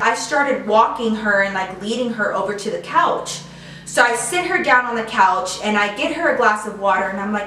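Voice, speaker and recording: A woman's voice: fairly high pitch, fairly quick, fairly bright tone, a little hiss or hum. A woman chatting to her viewers as she tells a personal story, full of "like" and "you know" fillers. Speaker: YouTube storyteller. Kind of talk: casual storytime monologue. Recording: echoey room, mic at a distance.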